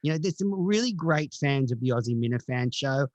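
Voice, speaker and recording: A man's voice: medium pitch, expressive, a little fast, no room sound, muffled recording. Dry, mock-serious podcast host man. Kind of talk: casual chat.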